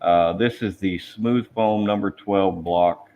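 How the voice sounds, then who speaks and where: A man's voice: low-pitched, steady tone, slow, warm tone. A man hosting a live hobby hangout, chatting casually and telling prank stories while carving foam. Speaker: hobby channel host. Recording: slightly muffled, faint background hiss.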